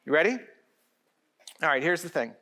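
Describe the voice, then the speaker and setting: A middle-aged man gives a keynote speech at a conference. His voice sits high for a man, and he talks in an animated, direct way and teases the crowd. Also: normal speed. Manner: animated, direct, joking with the audience.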